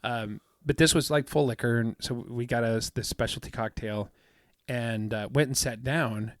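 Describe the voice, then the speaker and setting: A man's voice: mid-range voice, fairly even intonation, moderate pace, no room sound. Rambling man telling a story, dry close mic. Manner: rambling storyteller, many fillers, acts out quotes. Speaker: podcast co-host. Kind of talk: casual chat.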